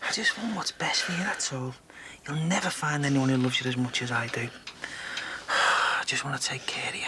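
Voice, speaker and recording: An actor as a sulky, possessive bridegroom. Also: male voice, medium pitch, lively intonation, normal speed, noisy background, natural voice. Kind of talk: soap opera acting.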